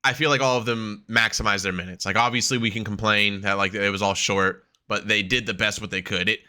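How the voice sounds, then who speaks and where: A man's voice: fairly low pitch, steady tone, a little fast, pushed and bright. A man co-hosting a wrestling podcast, chatting casually, swearing freely and laughing often as he acts out quotes. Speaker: podcast co-host.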